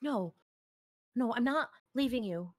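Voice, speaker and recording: A woman's voice: fairly high pitch, lively intonation, unhurried, darkish tone, no echo, voice pushed up. A woman voicing a proud, wounded young woman soldier who pleads earnestly for a chance at redemption, in a tabletop game. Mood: earnest resolve.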